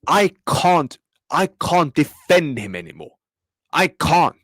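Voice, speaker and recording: A man's voice: a little high, sing-song, takes it slowly, fairly bright tone, no echo, poor audio. A man ranting in a match reaction video, exasperated and slangy, repeating himself as he talks to his viewers. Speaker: football fan channel host. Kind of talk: heated match reaction rant.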